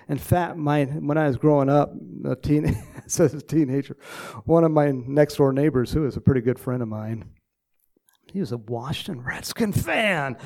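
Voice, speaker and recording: A man's voice: medium pitch, vocal fry, mellow. A man preaching a casual sermon, telling stories and praying in a folksy, chatty way.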